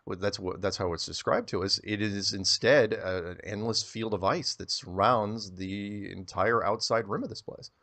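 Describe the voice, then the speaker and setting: Lower-voiced man rambling through a story. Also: normal speed, hardly any pauses. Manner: rambling, animated, repeats words when starting sentences. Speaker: interview guest. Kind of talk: casual interview storytelling.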